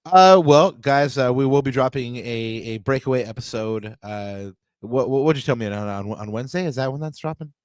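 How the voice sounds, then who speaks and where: A man's voice: mid-range voice, lively intonation, normal speed, clean tone, dry recording. Rambling male soccer podcast host. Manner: rambling, many fillers and restarts. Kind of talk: casual sports podcast chat.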